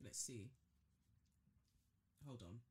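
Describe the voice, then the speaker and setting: A woman's voice: a bass voice, drawn-out words, mellow. A woman hosting a podcast, talking through her thoughts casually with many fillers and restarts. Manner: reflective, thinking aloud with many fillers. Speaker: podcast host. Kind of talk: casual solo commentary.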